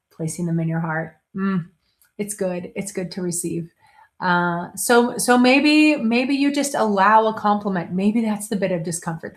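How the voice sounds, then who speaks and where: Middle-aged woman host, casual motivational talk, conversational with frequent restarts. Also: medium pitch. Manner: conversational, with self-interrupting restarts and playful quoted voices.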